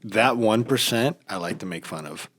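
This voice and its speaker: Casting note: middle-aged American man, low-voiced and lively storyteller, dry close sound. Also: normal speed, no room sound. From United States. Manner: animated, mimics other people's voices in his stories. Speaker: podcast guest. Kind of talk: casual storytelling chat.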